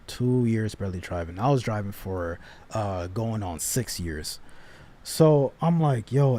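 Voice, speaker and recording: A young man casually telling a personal story, animated and slangy, with frequent restarts and asides. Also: mid-range voice.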